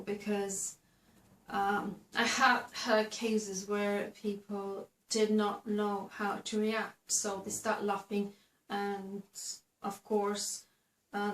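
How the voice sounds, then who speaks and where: Woman host, unhurried talk to camera with lots of ums and restarts, roomy echo. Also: mid-range voice. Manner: slow, halting, many fillers and restarts. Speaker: video host giving advice. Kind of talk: casual instructional talk to camera. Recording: echoey room.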